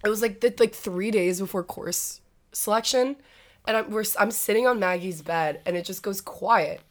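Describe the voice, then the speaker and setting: A woman's voice: medium pitch, moderate pace. A nineteen-year-old woman co-hosting a casual podcast, telling stories animatedly with many fillers. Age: young adult. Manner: animated storyteller, heavy filler use. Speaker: podcast co-host. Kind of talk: casual chat.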